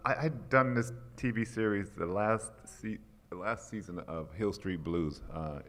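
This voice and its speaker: A man from Chicago in his sixties, an actor telling a lively anecdote on a panel and quoting the people in it. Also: on the low side, normal speed, slight background noise. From Chicago, USA. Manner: animated storyteller, quotes others, clears throat. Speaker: actor guest at convention panel. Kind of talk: storytelling anecdote. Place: convention hall. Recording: hall reverb.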